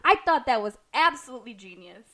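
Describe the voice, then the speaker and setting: A young adult woman, co-hosting a podcast in casual chat, reacting often with quick interjections. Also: a little high, big pitch swings, pushed and bright. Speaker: podcast co-host.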